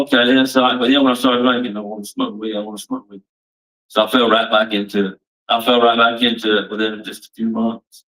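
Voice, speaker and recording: A man's voice: medium pitch, sharp tone, distant mic, poor audio. A man giving a plain-spoken, emphatic personal testimony at a recovery meeting, repeating himself for weight.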